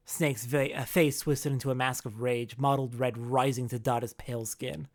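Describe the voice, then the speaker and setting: A let's play host reading a visual novel aloud, with animated, reactive commentary between passages. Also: medium pitch, moderate pace, faint music behind.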